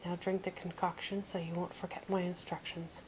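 A woman's voice: lowish voice, little pitch movement, moderate pace, darkish tone, slight background noise, lightly acted, rough recording. Bogfly, a woman whispering as a nasal grumpy troll. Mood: sneering. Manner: barking, bossy, sneering. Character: grumpy, scornful little male troll. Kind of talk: whispered role-play.

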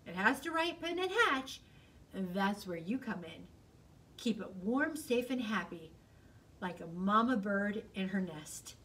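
A woman voicing a sly, fast-talking male fox who sells a swindle with showy salesman patter. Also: medium pitch, lively intonation, fairly bright tone, recorded from a distance. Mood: coaxing.

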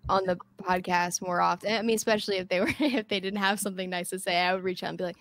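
A woman chats over a video call in a gravelly voice. She hesitates and restarts often and laughs her way through the story. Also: fairly low pitch, steady tone, quick pace, few pauses, a bit bright, dry recording. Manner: hesitant, many fillers and restarts, laughs while talking. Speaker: podcast guest. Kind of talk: casual chat.

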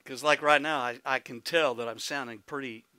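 Folksy Oklahoman preacher, bright voice. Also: mid-range voice, steady tone, normal speed, clear, resonant tone, dry recording. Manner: folksy, exclamatory, peppered with hallelujahs and amens; laughs easily, calls out to congregation. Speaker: pastor. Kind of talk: sermon.

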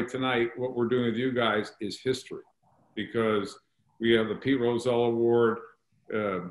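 A male podcast host conducts an interview, speaking enthusiastically and promotionally about history and honoring his guests. His mid-range voice comes through a roomy, rough recording.

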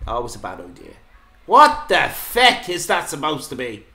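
Irish woman co-host, bright and animated delivery, deadpan mock-grumpy judge. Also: low-pitched, moderate pace. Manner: bantering, teasing, deadpan. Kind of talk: playful banter, mock-grumpy judging.

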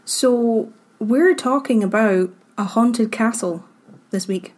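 Presenting the story as a podcast co-host, a woman reads from her notes in casual chat, laughing easily. Her voice is a little high and a little mellow, and she takes things slowly.

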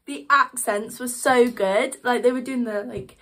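A young woman talks straight to camera, reviewing a show she loved. Her voice sits a little on the high side, and she gushes in a chatty rush, dropping fillers between every thought. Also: fairly even intonation, unhurried, a bit bright. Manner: gushing, chatty, lots of "like" fillers. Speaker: vlogger reviewing a musical. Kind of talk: excited casual review.

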